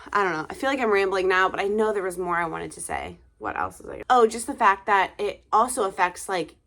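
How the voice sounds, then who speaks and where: A woman's voice: medium pitch, very animated, brisk, sharp tone. A young woman, a tired mother of two, chatting casually to camera in a rambling way with many fillers and sighs.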